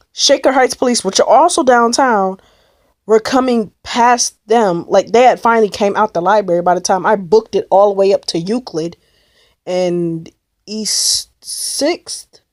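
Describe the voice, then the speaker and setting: A woman's voice: medium pitch, darkish tone, no room sound, studio quality. Young woman rambling through a story. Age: young adult. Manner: rambling, breathless retelling with many likes and repeats. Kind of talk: casual storytelling vlog.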